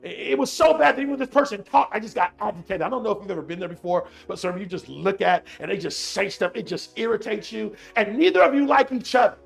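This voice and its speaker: Male motivational speaker, high gravelly voice, animated and repetitive, addresses the audience directly. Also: quick pace, hardly any pauses, faint music behind. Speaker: motivational speaker on emotional intelligence. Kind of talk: motivational talk with personal story.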